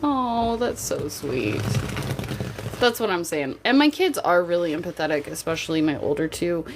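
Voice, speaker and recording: A woman's voice: lowish voice, expressive, normal speed, noisy background. A woman streaming live, a mother chatting candidly with her viewers in a jokey, casual way and swearing now and then. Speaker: livestreamer.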